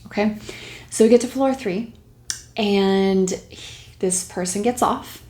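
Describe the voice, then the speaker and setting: A woman's voice: mid-range voice, takes it slowly. A young woman casually telling a personal story to camera, acting out her own thoughts in quotes and laughing lightly now and then. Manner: animated retelling with quoted inner thoughts and breathy laughs. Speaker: video host sharing a personal story. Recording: roomy echo.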